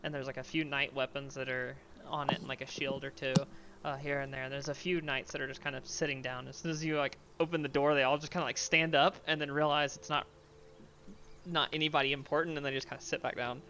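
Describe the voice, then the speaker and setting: A man's voice: mid-range voice, flat delivery, fast, background noise. A man running a tabletop game as game master, narrating loosely with many fillers.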